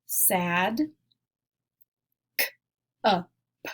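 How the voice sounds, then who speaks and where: A woman teacher leading a phonics lesson, sounding out each sound slowly and clearly. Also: medium pitch, lively intonation, fairly bright tone. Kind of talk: phonics lesson, slow and deliberate.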